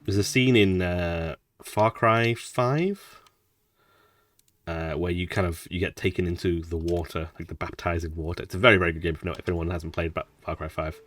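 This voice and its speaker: Low-voiced man chatting over a game. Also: steady tone, moderate pace, a bit bright, distant mic. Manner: chatty, mumbling asides, restarts. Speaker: gaming streamer. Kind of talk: casual let's-play commentary.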